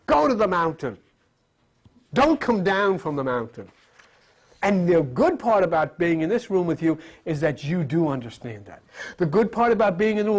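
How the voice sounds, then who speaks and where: Man, live spiritual lecture, lively swinging pitch, rambling, jokey, rhetorical questions.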